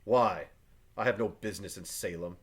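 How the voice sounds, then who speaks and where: A man's voice: low voice, normal speed, slightly rough, pitched below the performer's own voice. A man voicing John Proctor, a stubborn farmer husband, read aloud from a play with old-fashioned phrasing. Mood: earnest. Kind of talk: reading play aloud to a class.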